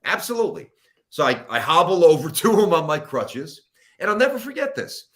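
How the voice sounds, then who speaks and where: A man's voice: fairly high pitch, normal speed. A middle-aged man, a sports radio host, telling a long story as a guest in a podcast interview, rambling and poking fun at himself. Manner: animated, rambling, self-mocking storyteller.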